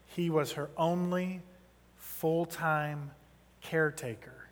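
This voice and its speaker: A man's voice: fairly high pitch, fairly even intonation, measured pace, fairly bright tone. A man in his thirties preaching a sermon, telling a story and building to impassioned emphasis. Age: 30s. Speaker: pastor. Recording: long reverb of a large hall.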